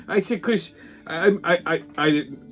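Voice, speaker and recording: A man hosting a comic, profane ranting monologue, telling stories in an animated way. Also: sits high, slow, soft background music. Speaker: host.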